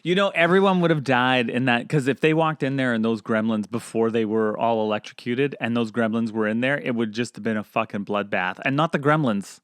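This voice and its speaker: A man's voice: mid-range voice, fairly quick, few pauses, smooth, dry recording, studio quality. Laid-back man telling crude jokes. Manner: crude, laughing, acts out scenes. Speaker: podcast co-host. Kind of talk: casual comedic movie chat.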